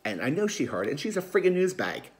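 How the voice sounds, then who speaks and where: A man's voice: on the high side, big pitch swings, fast talker. A man playing a gossipy South Philly aunt. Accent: Philadelphia. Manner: rambling, chatty, emotional, defensive. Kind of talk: comedic character monologue.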